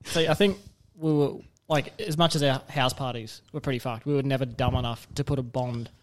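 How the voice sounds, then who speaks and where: A man, chatting casually and telling crude stories. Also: mid-range voice. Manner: quick, crude storyteller. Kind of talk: casual chat.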